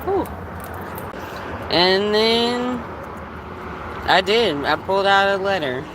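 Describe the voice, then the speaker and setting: Slow-talking woman telling a story. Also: mid-range voice, animated. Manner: candid, swearing, laughing often. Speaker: livestreamer. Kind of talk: casual storytelling livestream. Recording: noisy phone recording.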